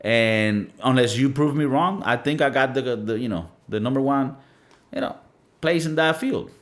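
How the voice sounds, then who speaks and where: A man's voice: medium pitch, moderate pace. Blunt, cussing man from Venezuela. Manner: blunt, profane, emphatic with lots of fillers. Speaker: podcast host. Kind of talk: casual monologue.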